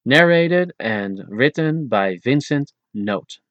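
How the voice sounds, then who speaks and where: A man narrating his own audiobook language lesson, saying each word slowly and deliberately and then giving its English meaning. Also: medium pitch, animated, fairly bright tone, dry recording, highs cut off.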